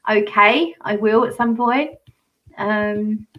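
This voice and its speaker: A woman's voice: medium pitch, slow, fairly bright tone, poor audio. A woman hosting a casual livestream chat over a video call, chatty and giggly, reading out viewer comments. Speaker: channel host.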